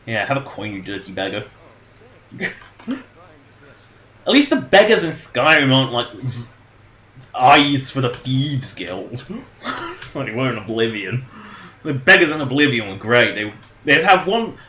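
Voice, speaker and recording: A man's voice: mid-range voice, expressive, unhurried, long pauses, pushed and bright, roomy sound, slight background noise. A man casually commenting on his game during a livestream, rambling and joking and laughing at his own jokes. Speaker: game streamer.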